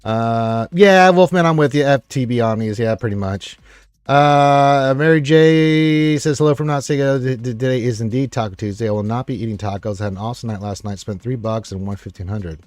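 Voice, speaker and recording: A man's voice: mid-range voice, moderate pace, a little mellow, dry recording. A man hosting a casual live stream, reading viewer comments aloud in an upbeat, rambling way with many fillers.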